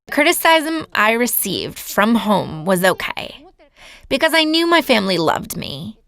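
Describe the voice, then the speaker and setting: A woman's voice: on the high side, sing-song, measured pace, vocal fry, fairly bright tone. A woman giving a lecture as an earnest personal testimony, telling her story to a seminar audience. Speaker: seminar speaker.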